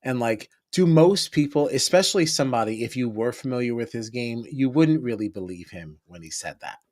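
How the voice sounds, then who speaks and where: A man co-hosting a podcast, relaxed and shrugging, brushing off points with "I hear you". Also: medium pitch, brisk. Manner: laid-back, shrugging, lots of "I hear you". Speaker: podcast co-host. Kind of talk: casual reality TV recap chat.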